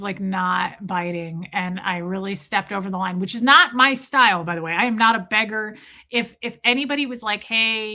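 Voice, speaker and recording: Bright-voiced woman hosting a live stream. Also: medium pitch. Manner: animated, swears freely, laughs often, acts out quotes. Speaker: live-stream host reading chat. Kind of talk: casual live-stream chat.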